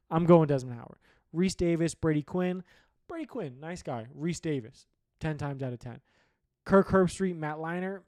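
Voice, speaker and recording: A man's voice: a little high, a little mellow, no room sound, studio quality. A man hosting a sports show, giving blunt, profane opinions in a rambling solo rant. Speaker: sports podcast host.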